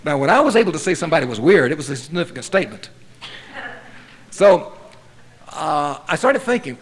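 A man's voice: on the high side, sing-song, a little fast, pauses often. Wry man telling his recovery story. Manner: wry, self-mocking storytelling. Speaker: speaker sharing his story at a recovery meeting. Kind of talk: personal recovery testimony.

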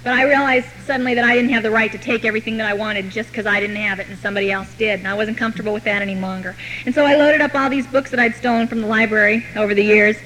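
A woman telling her own recovery story to a meeting, with wry, deadpan humor. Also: on the high side, rapid-fire, hardly any pauses, slight background noise, low-quality recording. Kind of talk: personal recovery story told to an audience.

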